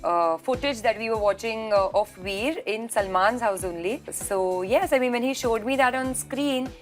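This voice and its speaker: A woman guest speaks earnestly over a video call, her voice a little high for a woman. She reflects on her life with frequent restarts, and faint music sits beneath her. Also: normal speed. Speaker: actress guest. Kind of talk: video-call interview answers.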